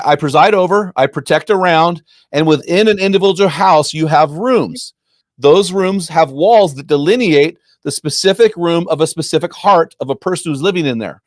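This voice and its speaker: A man's voice: on the high side, no echo, clean studio sound. A man in his fifties, a Christian ministry founder, talking emphatically in a preacher-like way. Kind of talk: impassioned Christian talk.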